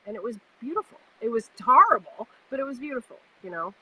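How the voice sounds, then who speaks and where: A woman's voice: fairly high pitch, big pitch swings, quick pace, very noisy. A woman hosting a podcast, speaking in a reflective, encouraging way. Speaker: podcast host. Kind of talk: casual heartfelt conversation.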